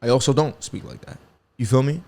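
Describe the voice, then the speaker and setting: A man's voice: mid-range voice, brisk, vocal fry, darkish tone. Profane rambling Bronx podcaster man. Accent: New York. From the Bronx, New York. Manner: profane, rambling, frequent restarts and slang. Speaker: podcast host. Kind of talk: casual solo podcast monologue.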